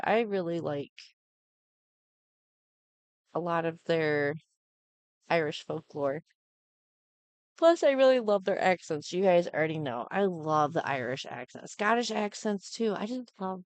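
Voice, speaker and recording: A woman's voice: medium pitch, no echo. A middle-aged woman hosting a live stream, chatting casually and rambling with lots of fillers.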